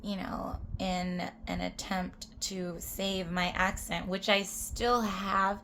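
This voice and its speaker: A young woman vlogger rambles to camera with plenty of swearing, slipping into whispers now and then. Her voice sits at a middle pitch, with a faint hum of room ambience behind it. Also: little pitch movement, takes it slowly, a bit bright. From US-Mexico border region. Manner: rambling, profane, drops into whispered asides. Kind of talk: casual chat to camera.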